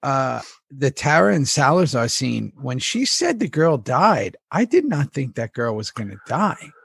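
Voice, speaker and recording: A man co-hosting a casual chat, retelling a plot excitedly, swearing freely and laughing often. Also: mid-range voice, measured pace, vocal fry, husky, no echo. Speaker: podcast co-host, former cast member.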